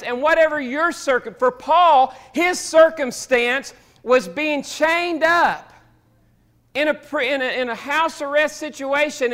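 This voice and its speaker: A man's voice: very high voice, fairly bright tone. A man preaching a sermon, telling a story in a folksy, homespun way. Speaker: pastor.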